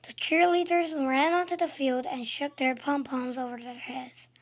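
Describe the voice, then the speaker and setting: A woman reading a children's book aloud, expressive and sometimes dropping to a hush. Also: sits high, moderate pace. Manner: expressive, shifting between loud and hushed. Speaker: storybook reader.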